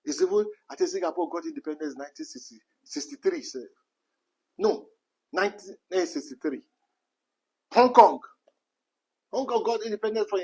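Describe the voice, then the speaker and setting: Husky-voiced Nigerian man ranting. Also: high voice, poor audio. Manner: repetitive, rhetorical questions, emphatic. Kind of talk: impassioned rant.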